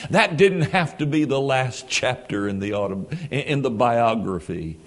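A man preaching a sermon, reading scripture in an archaic cadence and swinging from hushed tones to shouting. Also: medium pitch, lively intonation, measured pace.

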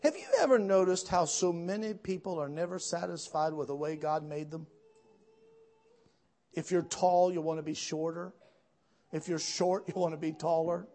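A man preaching a sermon, telling folksy stories with asides to the congregation and building to loud, emphatic peaks. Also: sits high, moderate pace. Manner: storytelling, swells to shouts at climaxes.

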